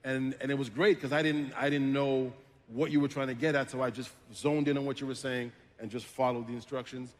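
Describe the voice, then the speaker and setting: A man whose first language is French, a voice actor telling anecdotes on a panel, relaxed and often laughing. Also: medium pitch, a little fast. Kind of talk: casual panel storytelling. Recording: long reverb from a convention hall stage.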